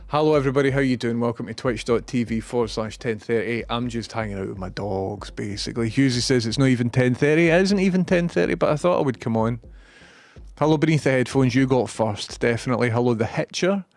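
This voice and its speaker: A man's voice: medium pitch, fast. A man with a Scottish accent chatting casually on a livestream, thinking aloud and greeting viewers one by one by name.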